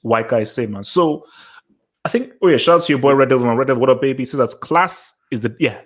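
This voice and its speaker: A man co-hosting a podcast who talks in an animated way and presses with pointed questions. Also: mid-range voice, fast talker. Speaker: podcast co-host. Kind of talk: casual podcast chat.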